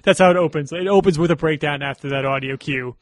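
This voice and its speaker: A man's voice: fairly high pitch, quick pace, dry recording. A man co-hosting a casual movie commentary, chatty and sharing trivia with frequent laughs. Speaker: film commentary co-host.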